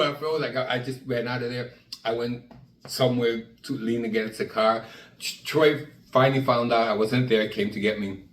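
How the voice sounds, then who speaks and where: A man's voice: medium pitch, normal speed, distant mic. Storytelling man in an echoey room. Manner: animated, acts out the people in his story; trails off and restarts. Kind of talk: personal storytelling.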